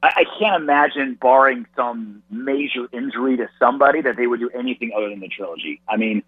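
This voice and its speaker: Husky man on a phone line. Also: mid-range voice, no room sound. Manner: animated, analytical, quick restarts. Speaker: radio and podcast host, guest analyst. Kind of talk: casual sports analysis.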